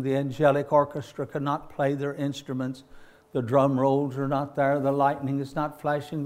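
A man preaching a sermon with passion, swelling to loud, drawn-out peaks and calling listeners "my friend". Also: medium pitch.

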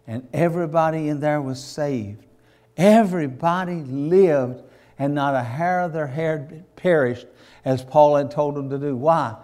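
A man's voice: a little high, unhurried, darkish tone. A man preaching a sermon, repeating phrases and building to emotional peaks.

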